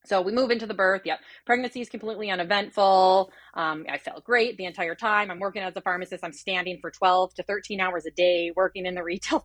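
A pharmacist in her thirties, appearing as a podcast guest, tells her personal birth story in an earnest, animated way. Her voice is on the low side, and there is no echo.

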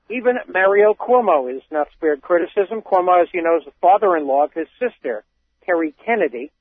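High-voiced co-host on a tinny line. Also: male voice, animated, a little fast, no echo. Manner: wry, reads quotes aloud with many ums. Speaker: radio co-host. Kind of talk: reading news items on talk radio. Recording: tinny phone-like radio sound, dry.

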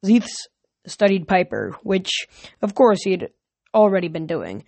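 A woman's voice: lowish voice, big pitch swings, measured pace, gravelly, dark tone, dry recording. A woman reading a novel aloud in a casual way, often correcting herself. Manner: casual, frequent self-corrections. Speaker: reader.

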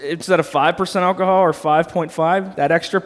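A fairly high-voiced man in his thirties, chatting loosely and crudely as he reviews a beer. His voice carries a long reverb tail, and he jokes and swears as he wanders off topic. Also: steady tone, brisk. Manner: crude, rambling, joking. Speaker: podcast co-host. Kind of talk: casual beer review chat.

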